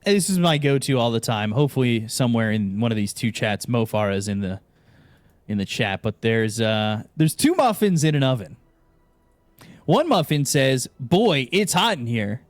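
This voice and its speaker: Lively male caster with a slightly high, bouncing voice, dry close sound, tells jokes between games. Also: fairly quick, no room sound. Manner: animated, acts out joke characters with pitch jumps. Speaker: esports co-caster. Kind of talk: casual stream chat and joke telling.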